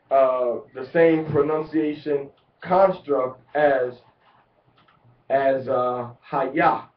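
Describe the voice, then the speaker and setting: A man giving a deliberate religious lecture, repeating words to drive each point home. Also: fairly high pitch. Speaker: religious teacher. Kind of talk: instructional lecture. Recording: echoey, distant, muffled lo-fi.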